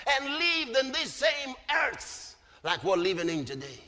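A man preaching with a very high, bright voice that swings widely in pitch. He speaks slowly and emphatically, climbing into shouts and then sinking low on his refrains. The sound rings out with a long hall reverb. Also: big pitch swings. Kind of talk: sermon.

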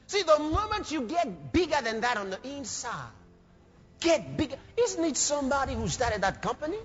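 High-voiced preacher shouting in a hall. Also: male voice, sing-song, moderate pace. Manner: fervent, shouting bursts and acted quotes. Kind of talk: sermon. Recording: dull, echoey hall recording.

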